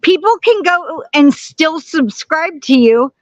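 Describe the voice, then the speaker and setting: A woman's voice: high-pitched, animated, takes it slowly, dry recording, dull audio. A woman hosting a casual live stream from home, chatting and greeting viewers by name. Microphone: camera on tripod.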